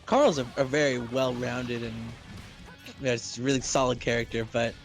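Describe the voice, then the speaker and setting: Over soft background music, a male esports commentator with a steady, medium-pitched voice calls a fighting game tournament at normal speed. His play-by-play is analytical, and he quickens his pace when explaining.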